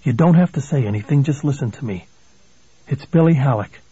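A man's voice: medium pitch, expressive, fairly quick, warm tone, breathy edge, no echo, dull audio. Man reading a desperate haunted lawyer. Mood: urgent, pleading.

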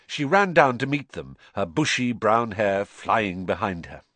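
A man reading an audiobook in an animated storytelling manner. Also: lowish voice, unhurried, dry recording. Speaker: audiobook narrator. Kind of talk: scripted narration.

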